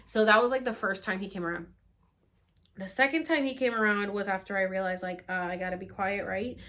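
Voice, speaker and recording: A young woman vlogger telling a personal story in a lively, animated way, acting out quotes and becoming emotional at times. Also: medium pitch, brisk. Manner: animated retelling with acted-out quotes. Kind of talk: storytelling vlog.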